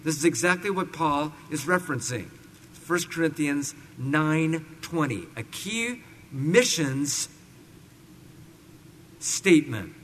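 A man preaches a sermon in a slightly high, bright voice, leaning hard on key words as he reads scripture slowly. His voice rings with a long reverb through a large hall, with a faint hum of room noise behind it. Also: lively intonation. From California. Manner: slow deliberate scripture reading with emphatic stresses. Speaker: pastor. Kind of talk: expository sermon.

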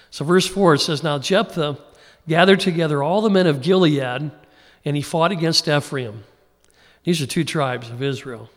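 A man's voice: fairly high pitch, moderate pace, big-room sound. A man preaching a casual, conversational Bible teaching sermon, folksy and informal, sometimes acting out the people he quotes. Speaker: pastor.

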